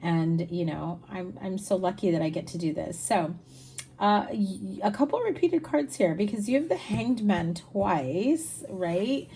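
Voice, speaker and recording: A woman's voice: medium pitch, lively intonation, a little slow, mellow, a little hiss or hum. A woman giving a casual tarot reading, chatty and rambling, tired. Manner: chatty, rambling, with fillers and laughs. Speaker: tarot reader.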